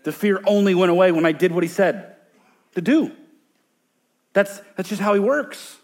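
A man in his thirties, a pastor preaching a sermon, moving from loud emphatic points to hushed storytelling. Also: high-pitched, moderate pace. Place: church sanctuary.

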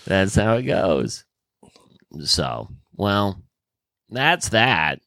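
A man hosting a podcast in relaxed, casual chat, asking questions and steering the conversation. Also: on the low side, very slow, vocal fry, dry recording.

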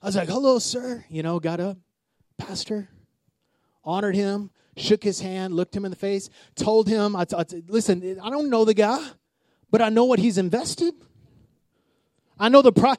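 High-voiced preaching man, dry sound. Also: a little mellow, no room sound. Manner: storytelling with acted-out quotes, call-and-response. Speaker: pastor. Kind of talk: sermon.

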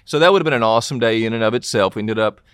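Low-voiced pastor speaking earnestly. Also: male voice, racing, smooth, dry recording, clean studio sound. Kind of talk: casual interview talk.

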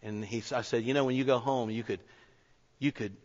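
A man's voice: mid-range voice, steady tone, fairly quick, a little mellow. A man, a pastor telling a personal story in a sermon, earnest and conversational with frequent restarts. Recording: echoey hall, dull lo-fi sound.

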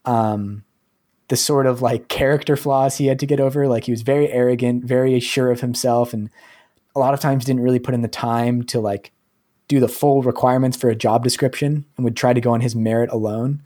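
A man's voice: mid-range voice, steady tone, fairly quick, mellow. A man hosting a podcast in casual chat, rambling with many fillers. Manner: rambling, heavy use of 'like' and 'um'. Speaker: podcast host.

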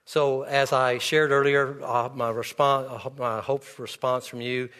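A man preaches a sermon from the pulpit, earnest as he tells stories. His voice sits at an ordinary middle pitch. It rings out with a long reverb from the church sanctuary. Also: flat delivery, a little slow, a bit bright, clear, resonant tone. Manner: earnest, storytelling with quoted dialogue. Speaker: pastor.

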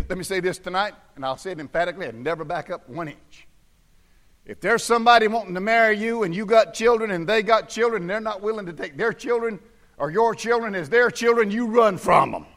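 A man preaching a sermon in church, swinging from hushed, low tones to shouted fervor.

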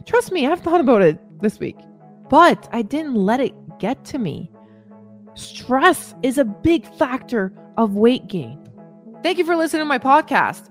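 A woman's voice: sits high, big pitch swings, slow, soft background music. A woman fitness coach hosting a motivational podcast, talking emphatically and repeating phrases for stress.

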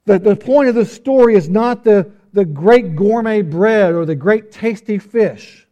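A man delivers a relaxed, conversational sermon, teasing his congregation and tossing out rhetorical questions. His voice sits a little high for a man, with a soft, mellow tone. He often stumbles and restarts, repeating words as he thinks aloud. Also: unhurried. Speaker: pastor.

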